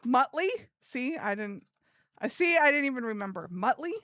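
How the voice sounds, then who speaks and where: A woman live streamer chatting casually with her viewers in an animated, giggly way. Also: sits high, moderate pace, dry recording.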